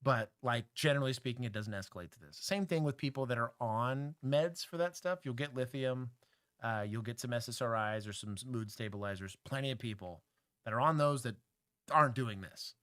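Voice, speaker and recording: A man from Texas who used to be a police officer talks bluntly through a livestream. He jokes often and fills his speech with "uh"s, in a mid-pitched voice. His recording sounds dry and close. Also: fairly quick, a bit bright, dry recording. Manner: blunt, joking, lots of filler words. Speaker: host, former police officer. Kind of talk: casual livestream commentary.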